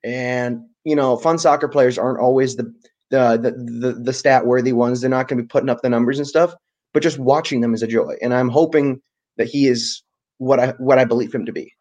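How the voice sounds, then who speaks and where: A man co-hosting a casual soccer podcast. He talks with enthusiasm in long, rambling runs. His pitch sits in the middle for a man. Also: fairly even intonation, a little fast, a little mellow. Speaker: podcast co-host.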